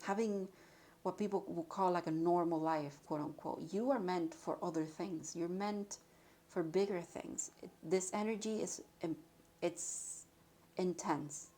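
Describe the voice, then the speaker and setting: A woman giving an intuitive spiritual card reading, emotional and halting, with sighs and restarts. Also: on the low side, dark tone.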